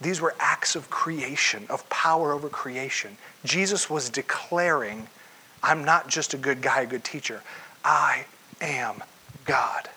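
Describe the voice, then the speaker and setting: A man's voice: mid-range voice, unhurried, bright, forceful tone, breathy edge, rough recording. A young man preaching a sermon, telling Bible stories with acted-out voices and sometimes dropping to a whisper for emphasis. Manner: storytelling, acts out voices, drops to a whisper for emphasis. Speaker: pastor.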